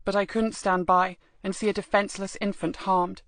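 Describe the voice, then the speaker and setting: A woman narrating a first-person audiobook in a measured, expressive way. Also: medium pitch, no room sound.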